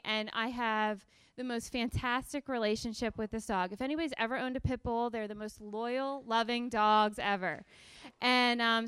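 A woman's voice: a little high, bright, forceful tone, smooth. A young woman telling a personal story live to an audience in a chatty, rambling way, with lots of ums and self-deprecating humor. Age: young adult. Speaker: storyteller and salesperson.

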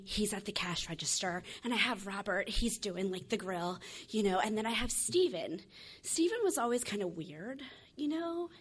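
A woman telling a funny personal story, animated and acting out the other people's voices. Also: medium pitch, husky. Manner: animated, acts out voices, laughs while telling. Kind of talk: comic storytelling.

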